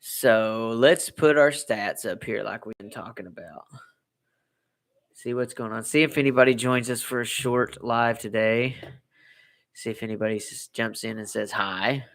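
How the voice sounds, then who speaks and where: A man's voice: mid-range voice, steady tone, a little slow, fairly bright tone. An American man hosting a casual live stream from home, rambling and repeating himself as he chats to viewers. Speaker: livestream host.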